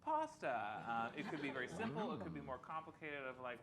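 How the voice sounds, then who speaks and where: A man's voice: a little high, fast, crowd noise. A man hosting a live improv comedy show, explaining a game and leading a countdown. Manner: lively, leads audience countdown.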